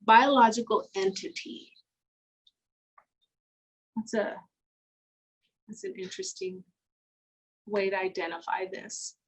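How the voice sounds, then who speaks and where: A woman's voice: mid-range voice, big pitch swings, slow pace, long pauses, low-quality recording. A woman art instructor talking casually while she draws, musing aloud with fillers. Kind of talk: casual talk while drawing.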